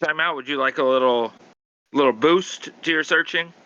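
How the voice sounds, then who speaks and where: Polite, bright-voiced man on a dry mic. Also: on the high side, normal speed, clean tone, no echo, highs cut off. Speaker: player. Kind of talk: casual chat at a tabletop game.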